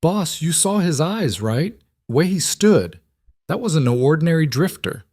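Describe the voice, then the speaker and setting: A man's voice: on the high side, sing-song, a little slow, a little mellow, no echo, studio quality, voice pushed up. Man putting on a lazy-drawling outlaw. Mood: wary. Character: lazy-drawling tall male outlaw in black.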